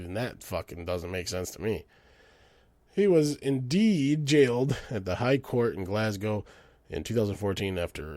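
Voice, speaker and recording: A man hosting a show, ranting in a profane comedic way and swinging between loud outbursts and low mutters. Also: no room sound. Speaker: podcast host.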